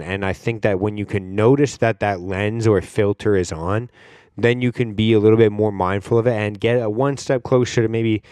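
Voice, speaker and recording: A young man with a low, smooth, resonant voice, hosting his podcast alone. He talks in a loose, rambling way, full of fillers, and swears often. The sound is dry and close, with no room echo. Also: darkish tone. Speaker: podcast host. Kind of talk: casual solo podcast talk.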